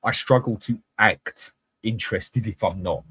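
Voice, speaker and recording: A man's voice: lowish voice, unhurried, a bit bright, slightly rough, dry recording. A man hosting a live fan channel, chatting bluntly with viewers and swearing freely. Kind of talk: live-stream chat reading comments.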